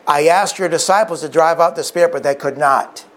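A man's voice: on the high side, fairly quick, a bit bright, lightly acted. A preacher voicing a weary, desperate father. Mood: pleading. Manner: slightly hysterical pleading. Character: weary desperate father pleading for his son.

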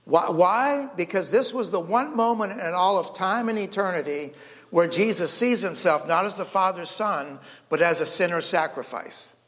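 Guy preaching a sermon, kinda high voice, keeps asking "right?", big church echo. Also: normal speed, a bit bright. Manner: emphatic, addresses congregation with "okay?" and "right?". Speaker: pastor. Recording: long hall reverb.

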